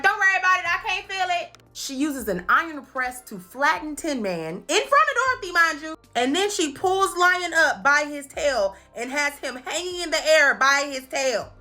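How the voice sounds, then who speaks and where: A woman recapping movies in a playful, animated comedic commentary, laughing often and slipping into quick impressions. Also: high-pitched. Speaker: commentary host.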